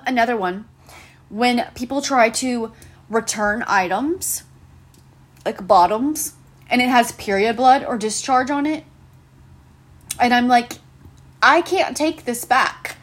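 A woman's voice: fairly high pitch, slow, long pauses. A young woman hosting a solo podcast, ranting about retail customers with sarcastic, profane exasperation. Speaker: podcast host.

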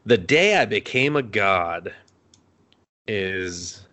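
A man's voice: lowish voice, expressive, extremely slow, pushed and bright. A man co-hosting a casual podcast, rambling through an anime recap, swearing a lot and acting out the characters' lines. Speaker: podcast co-host.

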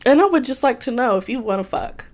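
A woman's voice: on the high side, fast. Profane woman telling stories. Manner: animated, profane, swears freely while telling stories. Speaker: podcast co-host. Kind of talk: casual chat, storytelling.

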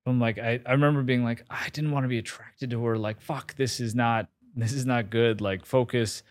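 A man's voice: medium pitch, steady tone, moderate pace, dry recording. A man in his forties, a podcast guest telling a story in a candid, self-mocking way, swearing casually and restarting his sentences. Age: 40s. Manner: candid, swears freely, laughs at himself, many fillers and restarts. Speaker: interview guest.

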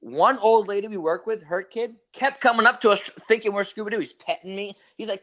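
A young man with a slightly high voice rambles through a story on a casual podcast, swearing freely and acting out each quote. He sounds loose and laid-back. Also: brisk, few pauses, fairly bright tone. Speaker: podcast co-host.

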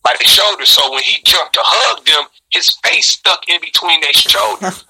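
Male rapper, middle-aged, husky and bright, animated profane storyteller. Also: normal speed, rough recording. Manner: animated and profane, reenacting quotes with sudden high shouts. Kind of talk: storytelling in a casual interview.

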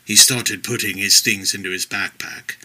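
A man narrating an action story in a vivid, expressive storytelling manner. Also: fairly low pitch, moderate pace, low-quality recording.

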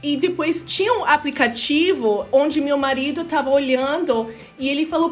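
A young Canadian woman with a Canadian accent, chatting casually and lively as a podcast guest. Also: sits high, quick pace, few pauses, faint music behind. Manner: lively, chatty, switches into Portuguese.

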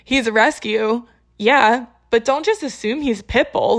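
A young woman casually telling a story to her viewers, exasperated and animated, acting out the people she quotes. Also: a little high, normal speed.

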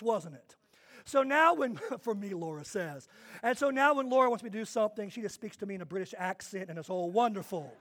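A man preaching a sermon to his church, swinging between quiet asides and loud, emphatic declarations. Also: extremely high pitch. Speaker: pastor.

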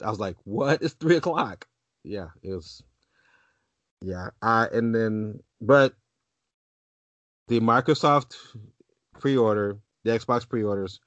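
This time his voice sits in the mid range as the podcast co-host winds through a long anecdote, restarting often and tossing in asides. There's no echo; the audio is dull, dry and lo-fi.

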